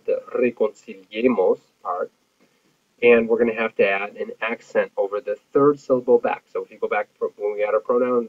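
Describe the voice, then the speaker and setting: A man teaching Spanish grammar in a recorded lecture, explaining patiently with many fillers. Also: fairly low pitch. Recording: tinny phone-like audio.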